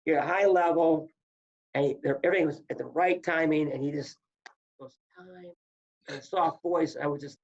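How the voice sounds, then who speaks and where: A man, a former wrestler and coach, telling stories in casual chat, animated and acting out the people he quotes. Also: on the high side, fast. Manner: animated, acts out quoted voices, repeats words. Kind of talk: casual storytelling. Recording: muffled lo-fi audio.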